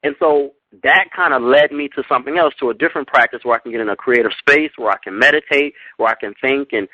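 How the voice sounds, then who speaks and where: A man's voice: medium pitch, fast talker, bright, forceful tone. A man hosting an interview show, chatting with a guest in a friendly way, often affirming her and laughing. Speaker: radio show host. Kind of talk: casual interview talk. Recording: dry, dull lo-fi online radio audio.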